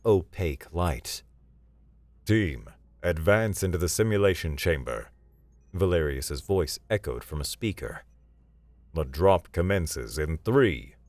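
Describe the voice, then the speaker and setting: A man with a deep, low voice reads a scripted sci-fi story. His delivery is steady and dramatic. The sound is dry and close. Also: no room sound. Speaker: narrator.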